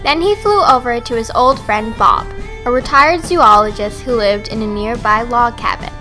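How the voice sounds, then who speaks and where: A woman narrating a storybook in a steady reading voice. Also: fairly high pitch, moderate pace, soft background music.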